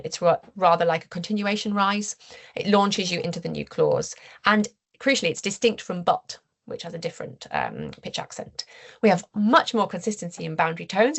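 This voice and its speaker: This seminar presentation comes from a woman researcher whose voice is lowish and creaky. She lays out her results carefully, with frequent ums and false starts.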